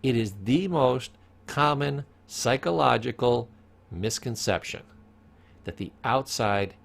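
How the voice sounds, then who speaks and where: A man with a gravelly, creaky edge to his mid-range voice gives a recorded psychology lecture. He stresses his points hard, circles back to repeat them, and quizzes the listener as he goes. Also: medium pitch, slow pace. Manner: emphatic, repeats key points, asks the listener questions. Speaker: psychology course instructor.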